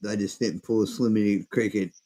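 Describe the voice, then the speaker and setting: A man, hosting a casual chat and telling a rambling, profane story, acting out quotes loudly. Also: lowish voice, fairly even intonation, moderate pace, rough recording. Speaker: podcast host.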